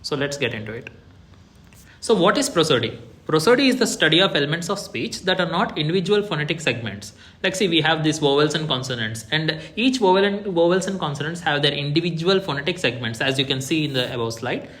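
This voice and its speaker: A man's voice: fairly high pitch, lively intonation, fairly quick, a bit bright. A young man presenting his academic project, explaining step by step with frequent fillers like "like" and "see". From India. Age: young adult. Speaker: student presenter.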